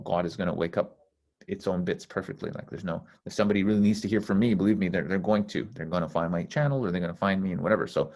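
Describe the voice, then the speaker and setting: A man talking casually on a call as a spiritual teacher, blunt and intense, swearing freely as he rambles. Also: deep voice. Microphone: call microphone.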